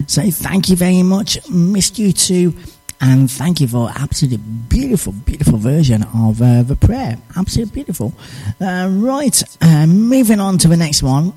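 Man, radio presenter, casual rambling chat, slightly high voice, husky tone, a little far from the mic. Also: sing-song, moderate pace, dark tone, soft background music. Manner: rambling and self-amused, many fillers.

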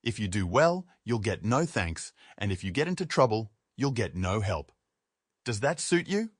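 A man's voice: on the low side, sing-song, normal speed, husky, dry recording, clean studio sound. A man voicing a stern male intelligence colonel who bluntly warns an agent.

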